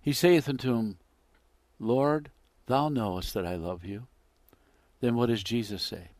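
A man preaching a sermon, acting out the quoted dialogue with big swings between loud and hushed delivery. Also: mid-range voice, unhurried, no echo. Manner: dramatic, acts out quoted dialogue with wide swings in loudness.

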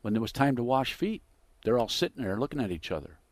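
A man preaching a sermon, acting out the quoted dialogue with big swings between loud and hushed delivery. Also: mid-range voice, very animated, fast talker, no room sound. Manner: dramatic, acts out quoted dialogue with wide swings in loudness.

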